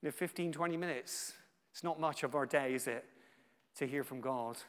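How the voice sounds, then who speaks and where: A man preaching a sermon as a guest speaker, emphatic and repetitive, swinging from loud declarations to hushed, near-whispered lines. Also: medium pitch, moderate pace. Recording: long hall reverb.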